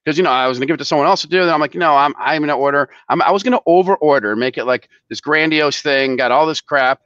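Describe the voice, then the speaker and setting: A man's voice: a little high, rapid-fire, a bit bright, dry recording, highs cut off. A man co-hosting a casual live stream, worked up and ranting, swearing, with many restarts and repeated words. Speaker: show co-host, company head.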